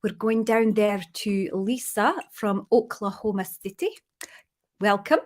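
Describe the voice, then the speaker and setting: A cheery host with a broad put-on Scottish accent, as an Englishwoman does the voice. She rattles off warm greetings in a playful, jokey way, her pitch sitting mid-range. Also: steady tone, unhurried, natural voice.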